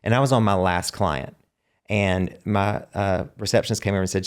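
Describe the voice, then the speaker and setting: Southern US man, lower voice, chatty guest who rambles through anecdotes with fillers. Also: normal speed, clear, resonant tone. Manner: rambling animated storyteller with many fillers. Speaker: guest singer-songwriter. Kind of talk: casual interview storytelling.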